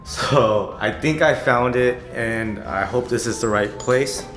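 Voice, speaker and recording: A young man vlogging from his car and a clinic, talking earnestly to camera and softly to his baby. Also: mid-range voice, slow. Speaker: father vlogging his baby's doctor visit. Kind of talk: casual vlog talk to camera. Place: parked car, then a clinic. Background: music.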